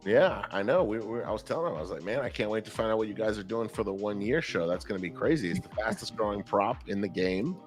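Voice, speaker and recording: A man's voice: lowish voice, animated, fast talker, hardly any pauses, faint music behind. A man co-hosting a live trading stream in casual, hyped banter, swearing now and then. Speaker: trader co-host.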